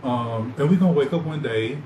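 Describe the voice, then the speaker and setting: A man hosting a podcast, rambling loosely in animated, slangy casual chat. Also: mid-range voice, brisk. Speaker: podcast host. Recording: echoey room with loud ambient noise.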